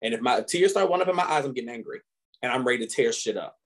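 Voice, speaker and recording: A man co-hosting a podcast, chatting casually and telling stories animatedly, often laughing and rising in pitch when indignant. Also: racing, vocal fry. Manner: animated storytelling with frequent laughter. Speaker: podcast co-host. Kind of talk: casual chat.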